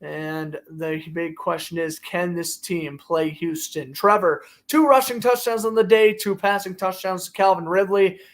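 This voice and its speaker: A young man calls a football game as an amateur play-by-play commentator, with a high voice. He walks through downs, scores and standings in a running, conversational commentary. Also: unhurried, few pauses. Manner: excitable, gets loudly indignant at referees. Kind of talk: amateur live sports commentary.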